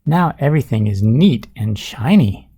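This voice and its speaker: A man voicing a tidy, fussy farmer's wife with a prim, brisk manner. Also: mid-range voice, lively intonation, dark tone, breathy edge.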